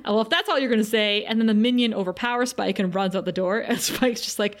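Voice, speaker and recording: A woman's voice: on the high side, fairly quick. A woman co-hosting a podcast, retelling scenes in casual chat and laughing often. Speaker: podcast co-host.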